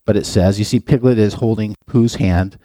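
A man's voice: lowish voice, moderate pace, mellow, dry recording, clean studio sound. A middle-aged man, a pastor, giving a playful, chatty sermon and talking directly to his listeners. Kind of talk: casual sermon.

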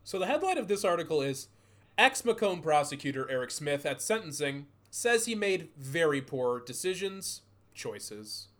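A man hosting a casual comedy podcast, animated and laughing, with mocking, profane asides. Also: a little high, moderate pace. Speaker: podcast host.

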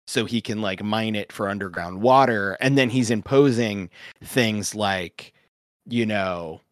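A man's voice: on the low side, unhurried, no echo, studio quality. A man in a casual tabletop game chat, thinking aloud in a loose way and often breaking into laughs between ideas. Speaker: co-host and game runner.

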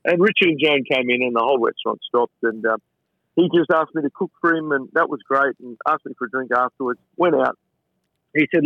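Chatty Australian chef on a tinny line. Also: male voice, medium pitch, brisk, no echo. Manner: chatty, stumbling repetitions of words. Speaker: chef and restaurateur, interview guest. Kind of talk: casual anecdotal storytelling.

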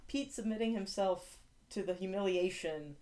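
A woman co-hosts a podcast, talking casually through a TV episode recap. Her voice sits at an ordinary middle pitch. She rambles and restarts, leaning on fillers as she goes. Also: normal speed, mellow. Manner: chatty, many fillers and restarts, reads summaries aloud. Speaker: podcast co-host.

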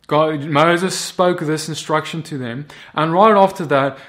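A man with a slightly high-pitched voice gives a sermon on a Torah portion. He talks animatedly, with loose, conversational phrasing. He often slips into acting out the biblical figures' words. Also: measured pace. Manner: animated, acts out biblical quotes in character. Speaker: Bible teacher.

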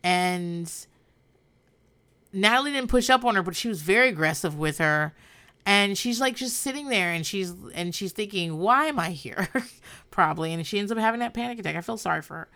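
A woman hosting a casual recap podcast talks bluntly, curses plenty, and laughs a lot. Her medium-pitched voice is expressive, slightly fast, bright, and forceful, heard through a podcast microphone.

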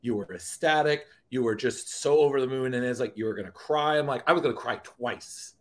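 A man's voice: medium pitch, a little fast. A man co-hosting a podcast in casual chat, rambling and emotional, often restarting his sentences. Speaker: podcast co-host.

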